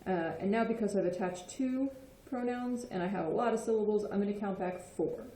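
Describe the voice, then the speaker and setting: Woman teaching, mellow, echoey room. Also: medium pitch, a little fast, slight background noise. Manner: patient, checks in with frequent "okay?". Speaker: Spanish teacher. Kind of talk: explanatory lesson.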